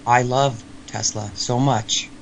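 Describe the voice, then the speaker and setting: A man co-hosting a podcast, talking casually about music in an animated, joking way, often trailing off mid-sentence. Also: mid-range voice, takes it slowly, gravelly, slight background noise. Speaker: podcast co-host.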